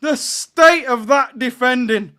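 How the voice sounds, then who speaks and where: A young man, hosting a live football watchalong and ranting and shouting in exasperation at his team. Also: very high-pitched, takes it slowly. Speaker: fan watchalong host.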